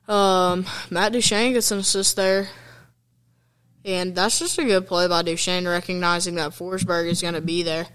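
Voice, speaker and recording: A young man commentates over hockey highlights casually and excitably, chatting like a fan and using fillers and slang.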